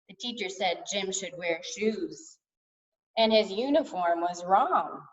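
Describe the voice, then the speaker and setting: Slow, expressive woman teacher reading aloud. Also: mid-range voice. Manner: slow, expressive, sing-song. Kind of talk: storybook read-aloud for kindergartners. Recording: distant dull lo-fi sound.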